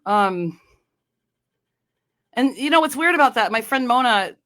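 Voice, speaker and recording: A woman's voice: fairly high pitch, animated, unhurried, a bit bright. Chatty woman from north dakota doing her podcast solo, rambly and full of ums. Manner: chatty, meandering, many fillers and restarts. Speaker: podcast host. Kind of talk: casual solo podcast chat.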